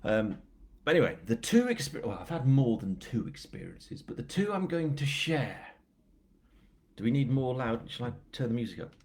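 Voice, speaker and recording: A man from England with a northern English accent, an author at a live book launch, chats casually and tells a story with self-mocking asides. His mid-range voice is very animated and a little mellow, at a normal speed, with slight background noise.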